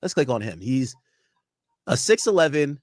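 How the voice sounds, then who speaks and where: A man's voice: mid-range voice, moderate pace, no room sound, clean studio sound. A young man streaming a casual reaction, rambling and swearing freely as he riffs to his chat. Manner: animated, profane, rambling banter with chat.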